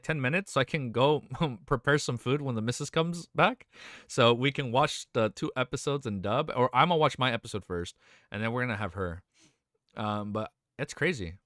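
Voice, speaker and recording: A man's voice: medium pitch, animated, brisk, bright, forceful tone, no echo, clean studio sound. A young adult man live-streaming, chatting casually, rambling and swearing as he reads chat aloud.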